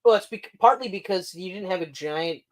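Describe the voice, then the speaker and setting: A man co-hosting a podcast in casual chat, animated and profane, laughing often. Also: high-pitched, a little fast. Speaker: podcast co-host.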